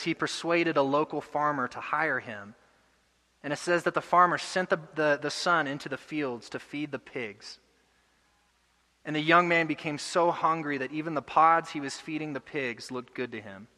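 A young adult man preaching a sermon earnestly, building to loud emotional peaks. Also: on the high side, in a large hall. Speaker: pastor. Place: church hall.

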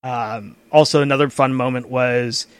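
A man's voice: medium pitch, steady tone, normal speed, clean tone, no room sound. A man in casual chat as a game master and host, rambling with frequent restarts and casual swearing.

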